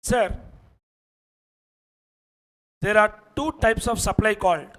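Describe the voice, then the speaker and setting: Male teacher, Indian English accent, high voice, emphatic explainer who keeps checking in with the class. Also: slow pace, a bit bright, low-quality recording. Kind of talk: online exam-prep lecture.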